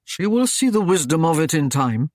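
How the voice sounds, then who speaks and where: A man's voice: on the high side, very animated, normal speed, a little mellow, no echo, clean studio sound. A man voicing a stern, proud Norman lord who speaks in a curt, growling, commanding way. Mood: measured.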